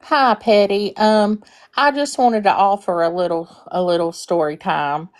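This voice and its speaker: Brief: earnest female caller, casual, relaxed storytelling. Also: medium pitch, a little slow. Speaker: caller on a live stream.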